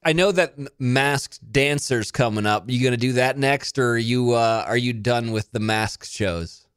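A chatty male host who jokes with his guest and laughs easily. He is recorded dry and close, and his voice sits at a middle pitch. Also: moderate pace, fairly bright tone, smooth, no echo. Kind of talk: casual interview chat.

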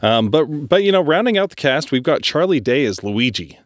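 A man's voice: fairly high pitch, very animated, moderate pace, dry recording, clean studio sound. A man co-hosting a podcast in casual chat, rambling with many restarts and swearing freely. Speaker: podcast co-host.

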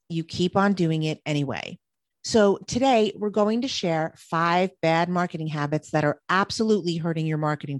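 A woman's voice: fairly low pitch, no echo. A woman co-hosting a marketing podcast, reading prepared points in an upbeat way. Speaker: podcast co-host. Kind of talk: scripted podcast chat.

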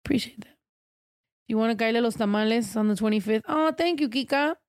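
A young woman co-hosting a podcast, chatty and expressive, swearing and laughing easily. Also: fairly high pitch, fairly quick, no echo, clean studio sound. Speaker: podcast co-host. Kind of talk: casual chat.

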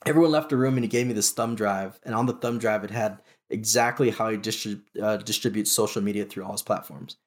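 A man, a military veteran, telling his story in a casual interview with lively retellings, many restarts and fillers. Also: lowish voice, quick pace, few pauses.

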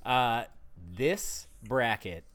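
A man's voice: mid-range voice, lively intonation, drawn-out words, fairly bright tone. A man with an everyday voice takes the floor to introduce a segment. His patter is loose, jokey and crude, aimed at his friends. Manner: joking, crude emcee patter. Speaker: podcast co-host. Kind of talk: casual group chat.

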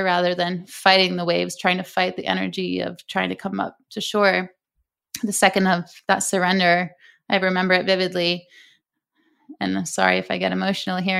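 A woman's voice: lowish voice, gravelly, fairly bright tone, smooth. A young adult woman, a breathwork coach, telling a personal story earnestly in an interview.

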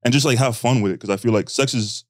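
A man in casual podcast chat as a guest, talking loosely with lots of fillers and quick laughs. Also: mid-range voice, dry recording, clean studio sound. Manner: hesitant, filler-heavy, laughing.

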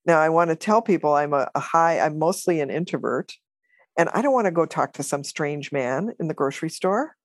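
A woman's voice: deep voice, fairly quick, no echo, studio quality. A woman telling a story as a guest in an interview, laughing often and acting out what people said. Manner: animated, laughs often, acts out quotes.

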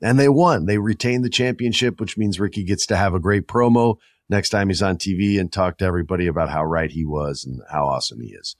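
A man's voice: sits low, brisk, hardly any pauses, dry recording, studio quality. A man hosting a podcast in casual chat, rambling and talking straight to his listeners. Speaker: podcast host.

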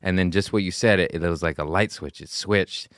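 Low-voiced man telling wild stories. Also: a little fast, no echo, studio quality. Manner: animated, jumps into loud high voices acting out people in his stories. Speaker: podcast host. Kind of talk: casual storytelling chat.

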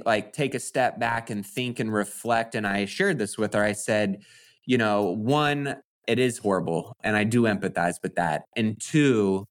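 A man co-hosting a podcast, talking in an earnest, motivational way in casual chat. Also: lowish voice. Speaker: podcast co-host.

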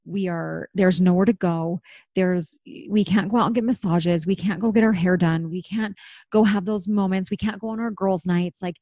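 A woman's voice: lowish voice, fairly even intonation, normal speed, warm tone, dry recording. A woman in her thirties hosting a podcast, talking candidly and chattily, swearing now and then. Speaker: podcast host. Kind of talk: casual chat.

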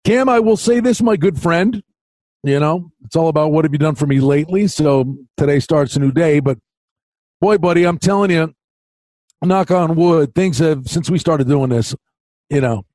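A man with a fairly high voice co-hosts a sports betting podcast, chatting casually and telling animated stories. The sound is dry and close, with no room echo. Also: normal speed. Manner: animated storyteller, acts out quotes in a higher voice. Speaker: podcast co-host.

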